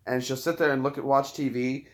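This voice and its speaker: A man hosting a casual live chat, often cooing soft baby talk to his dogs. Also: mid-range voice, steady tone, brisk. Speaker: channel host.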